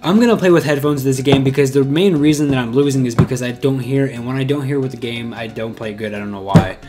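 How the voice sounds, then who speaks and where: A man's voice: mid-range voice, fast, music in the background. A young man recording casual gaming commentary, rambling and frustrated, putting himself down. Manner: frustrated, rambling, self-deprecating. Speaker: gaming YouTuber.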